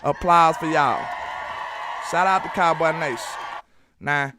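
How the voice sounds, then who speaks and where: A man from Alabama with a Southern accent giving animated, slangy football commentary, talking straight to his viewers. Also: on the high side, a little slow, crowd noise, noisy background. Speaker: sports commentary host. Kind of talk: casual sports commentary vlog.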